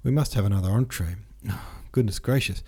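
A man's voice: fairly low pitch, fairly quick, darkish tone, breathy edge. A man reading an audiobook, voicing a fussy, flustered old count who gives orders with many exclamations.

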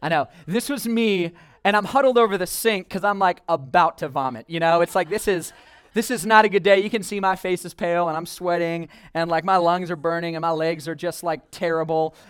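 A young man preaching in a casual, animated way, telling a funny personal story full of filler words. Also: high-pitched, clear, resonant tone, dry recording, studio quality. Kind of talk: storytelling sermon.

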